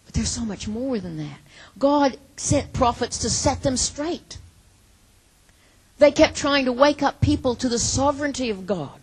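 Woman preaching, kinda raspy and breathy, earnest, acts out little prayers. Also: sits high, expressive, a little slow, low-quality recording. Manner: earnest, emphatic, quotes imagined prayers, swings from loud to hushed. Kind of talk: sermon.

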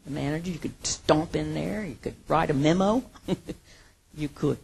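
A woman teaching from the Bible in a casual sermon, retelling the story with lively acted quotes and laughter. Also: low voice, unhurried, creaky, slight background noise.

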